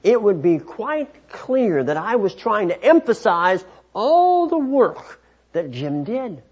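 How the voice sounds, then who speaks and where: A man with a fairly high, slightly husky voice teaches scripture at an unhurried pace. He explains in a measured, emphatic way and often restarts his phrases. The recording sounds dull and lo-fi. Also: sing-song, darkish tone. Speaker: Bible teacher.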